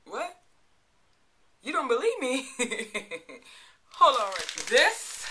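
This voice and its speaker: A woman's voice: high voice, huge pitch swings, slow pace, long pauses, bright, forceful tone. A woman in her thirties with a Virgin Islands accent, chatting playfully to camera and laughing often. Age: 30s. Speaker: vlogger. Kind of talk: casual chat to camera.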